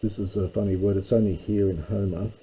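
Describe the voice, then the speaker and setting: A man teaching a text line by line, slow and careful, with frequent ums and uhs. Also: on the low side, steady tone, warm tone, slight background noise, low-quality recording. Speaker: Greek tutor. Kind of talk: line-by-line lecture.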